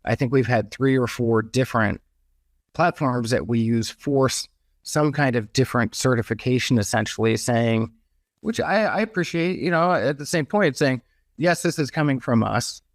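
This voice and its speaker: Man, medium pitch, casual talker, restarts often, dry recording. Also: moderate pace, dry recording. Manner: conversational, many restarts and hedges. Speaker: podcast guest, merch business owner. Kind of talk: casual podcast conversation.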